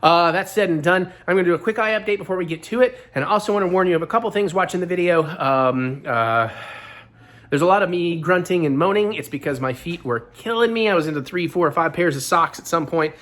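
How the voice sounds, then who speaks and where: A man hosting his own vlog in casual chat, his voice hoarse and gravelly, rambling on with self-deprecating asides. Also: high-pitched, fast, a bit bright. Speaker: vlog host.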